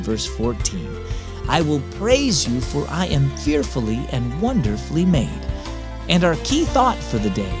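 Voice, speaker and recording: A man hosting a children's devotional program, upbeat and speaking directly to kids in scripted narration. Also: on the high side. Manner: upbeat, friendly, kid-directed.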